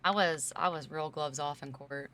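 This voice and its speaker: A young Californian woman streams and chats casually with viewers, rambling and saying "like" a lot, then turning emphatic when she argues a point. Her voice is low with a sharp tone at a moderate pace.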